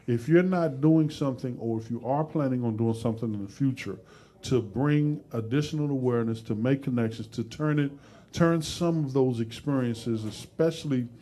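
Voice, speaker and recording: A man's voice: mid-range voice, normal speed, dark tone. Joking male talk show host. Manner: joking and playful, breaks into laughter; loose, conversational phrasing with restarts. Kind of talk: casual live talk show chat.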